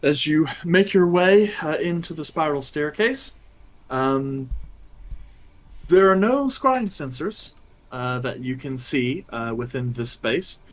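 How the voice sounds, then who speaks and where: A man narrating scenes as game master, with measured descriptions and frequent fillers. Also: on the high side, animated.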